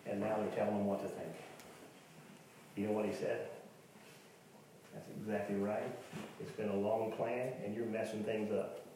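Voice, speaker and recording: A man's voice: lowish voice, flat delivery, normal speed, pauses often, dark tone, recorded from a distance, a little hiss or hum. Man, pastor, folksy conversational sermon, very echoey hall, mic set back from him. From Kansas, USA. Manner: folksy, conversational preaching with asides to the congregation. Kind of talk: sermon with personal stories. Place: church sanctuary.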